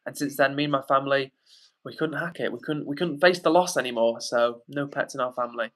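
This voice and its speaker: A man's voice: medium pitch, brisk. A young man hosting a livestream, reading viewer comments aloud and answering in a rambling, chatty way with many fillers. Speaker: livestream host reading chat. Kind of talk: casual live chat.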